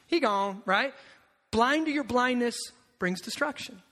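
A pastor giving an animated, emphatic sermon, acting out quotes in different voices. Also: male voice, very high-pitched, unhurried, big-room sound, slight background noise.

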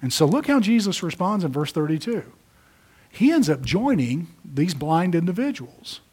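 A man preaching a sermon, rising to emphatic peaks and dropping low. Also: sing-song, moderate pace, darkish tone, husky. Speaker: pastor.

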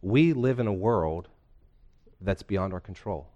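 A man's voice: deep voice, animated, a little slow, mellow, muffled recording. A man preaching a conversational sermon to a congregation, asking them questions and retelling a scene. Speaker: pastor. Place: church hall with a congregation.

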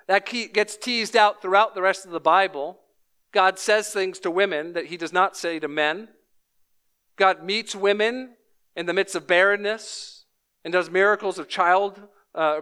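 A man in his thirties preaching a sermon as pastor, measured and emphatic, repeating key lines. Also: high-pitched, sharp tone, clean tone.

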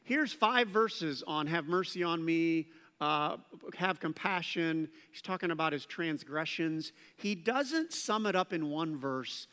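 A man preaching a sermon as pastor, animated and acting out quoted voices. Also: on the high side, clean tone. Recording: long hall reverb.

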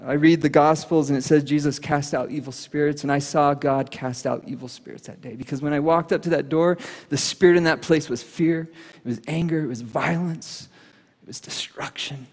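A man preaching a sermon, telling a personal story earnestly and dropping to a hush at solemn moments. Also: a little high, steady tone, moderate pace. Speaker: pastor. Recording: reverberant hall.

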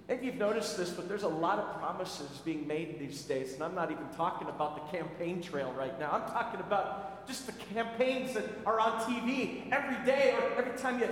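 High-voiced preacher in an echoey hall. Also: male voice. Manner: storytelling, conversational, with restarts. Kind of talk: sermon. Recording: echoey hall, faint noise.

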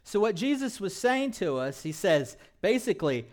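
A man's voice: high voice, normal speed, hardly any pauses. A man preaching a sermon as pastor, prompting the congregation to repeat after him and slipping in light jokes. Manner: animated preaching with call-and-response prompts; light humor, laughs at his own jokes.

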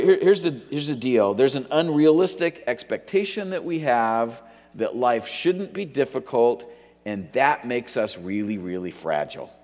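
Man, middle-aged, pastor, casual joking sermon, wanders off topic, mid-pitched voice, long hall echo. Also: darkish tone.

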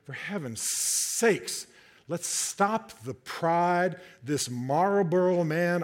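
A man preaching a sermon to a congregation, animated and joking, often repeating and restarting his words. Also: high voice, very slow. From Southern United States, half his family.

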